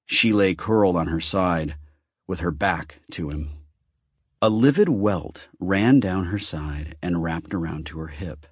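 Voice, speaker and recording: Man, audiobook narrator, husky low voice, dry close sound. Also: measured pace, no room sound. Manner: expressive, animated reading.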